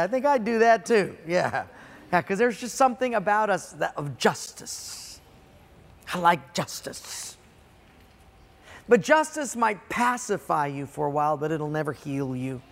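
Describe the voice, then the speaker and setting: A man preaching a sermon to a congregation, dramatic, swinging between loud emphasis and quiet, drawn-out words. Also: a little high, creaky. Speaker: pastor. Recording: long hall reverb.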